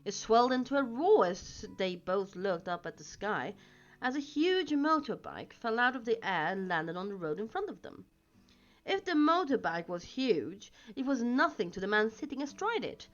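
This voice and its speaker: Expressive woman reading a story aloud. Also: on the high side, moderate pace. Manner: expressive, with small slips. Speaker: reader. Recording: dull lo-fi with faint music.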